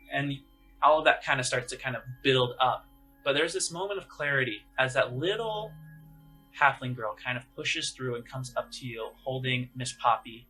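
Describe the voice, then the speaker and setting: A man's voice: mid-range voice, expressive, moderate pace, pushed and bright, soft background music, poor audio. A man narrating as game master of a tabletop game, in a casual, rambling way with many fillers.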